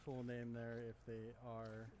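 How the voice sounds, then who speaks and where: A man hosting a live stream panel, speaking in a measured, hesitant way with frequent restarts. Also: medium pitch, completely flat delivery, dark tone.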